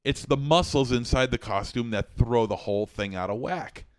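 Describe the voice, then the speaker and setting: A man's voice: medium pitch, moderate pace, dry recording, clean studio sound. A man co-hosting a casual podcast chat who stammers and restarts his sentences and laughs easily. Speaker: podcast co-host.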